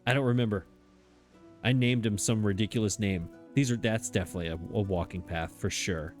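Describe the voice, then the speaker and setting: A man's voice: fairly low pitch, brisk, faint music behind. A man giving casual, self-mocking commentary as he plays a game, chatting and laughing at himself as he goes. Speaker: let's play host.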